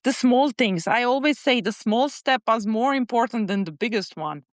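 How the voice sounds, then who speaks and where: Woman, English, hesitant with fillers, slightly high voice, dry close sound. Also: expressive, normal speed, no echo. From Serbia. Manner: hesitant non-native phrasing, many fillers. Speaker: guest, animal psychologist. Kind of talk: casual interview chat.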